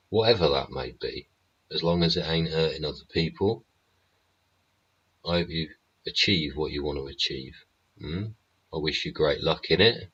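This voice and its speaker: A man's voice: very deep voice, bright, forceful tone, husky, lo-fi sound. A man hosting a live-stream show, talking in a rambling, blunt monologue full of swearing. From England. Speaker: show host.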